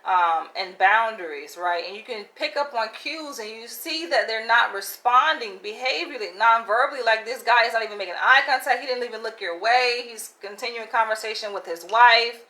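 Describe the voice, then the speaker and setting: A woman's voice: a little high, normal speed, hardly any pauses, bright, forceful tone, low-quality recording. A woman vlogging casually, telling a story candidly with lots of "like" and "right?" asides and frequent laughs.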